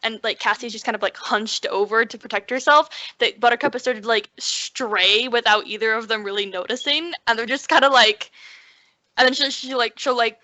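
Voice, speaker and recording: Bright young woman, rambling with likes. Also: fairly high pitch, normal speed, dry recording. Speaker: player. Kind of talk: describing her character in a tabletop game. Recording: dry, dull lo-fi recording.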